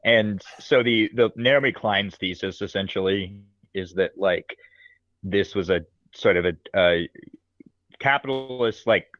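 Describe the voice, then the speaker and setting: A man with a very low voice talks animatedly in a casual podcast discussion, laughing easily and thinking aloud. His mic sounds dry and a little dull. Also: unhurried, fairly bright tone, dry recording.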